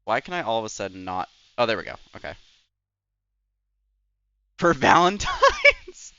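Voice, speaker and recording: Young male streamer who chats and rambles. Bright, crisp voice with a lively lilt. Dry, lo-fi mic. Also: lowish voice, rapid-fire, dry recording. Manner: rambling and chatty, full of "like" and "anyways". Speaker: Twitch streamer. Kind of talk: casual live-stream chat while gaming.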